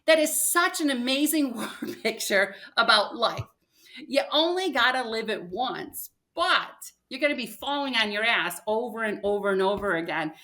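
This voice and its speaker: Bright-voiced older woman telling stories. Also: fairly high pitch, normal speed. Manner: animated storyteller acting out quotes. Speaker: podcast guest. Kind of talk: personal storytelling.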